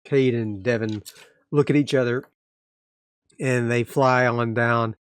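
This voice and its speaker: A man's voice: mid-range voice, no echo, studio quality. A man narrating his own solo tabletop game in a casual, loose way with fillers. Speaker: solo game master and player.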